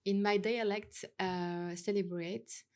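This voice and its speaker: A woman from northern Serbia whose first language is Romani, co-hosting a podcast with brief, measured answers. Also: medium pitch, steady tone, a little mellow. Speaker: podcast co-host, journalist. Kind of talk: casual podcast chat.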